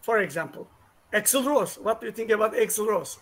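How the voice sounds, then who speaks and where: A man's voice: high-pitched, normal speed, fairly bright tone. A man interviewing a guest, prodding him with playful questions. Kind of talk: casual interview.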